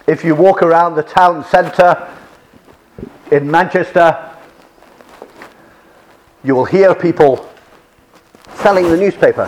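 Male lecturer, rambling classroom delivery, repeats himself, a bit high-pitched, faint background noise. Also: a little slow, pauses often, rough recording. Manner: chatty, repeats and restarts phrases, mixes in French asides.

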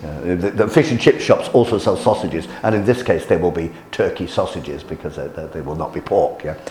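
A man's voice: low voice, a little fast, warm tone, slight background noise. A man giving an informal lecture to a class, hesitant with many restarts and fillers, chuckling at his own jokes. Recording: roomy hall echo.

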